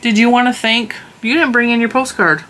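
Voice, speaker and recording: A woman's voice: a little high, steady tone, a little fast, bright, forceful tone, a little hiss or hum. A woman hosting a vlog, chatting casually and teasingly with her child in a motherly way.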